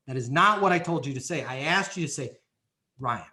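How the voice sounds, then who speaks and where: A man with a fairly high voice talks on a podcast in a coaching style. He is emphatic and checks in often with quick tag questions. His tone is bright and forceful. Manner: emphatic, repeats key phrases, frequent "right?" and "okay?". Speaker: guest speaker on leasing and renewals. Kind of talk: energetic coaching talk with role-played examples.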